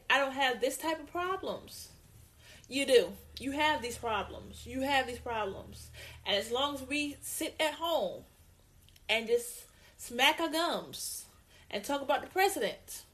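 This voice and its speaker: A woman co-hosting a casual opinion talk, emphatic and repeating her points, with lively put-on greetings. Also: high voice, measured pace. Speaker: co-host.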